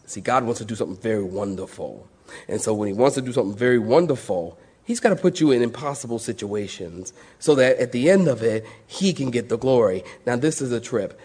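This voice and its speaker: A man preaching a sermon, dropping low then exclaiming, acting out quotes. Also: fairly quick, breathy edge. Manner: animated, swings from low murmurs to high exclaims, acts out quotes. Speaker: pastor.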